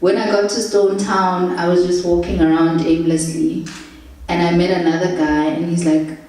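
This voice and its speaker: A young woman telling travel stories in a lively, laughing way, acting out the people she meets. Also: on the low side, moderate pace. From South Africa. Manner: animated, laughs through anecdotes, acts out quotes. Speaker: storyteller. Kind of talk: casual travel storytelling. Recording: echoey room, distant mic.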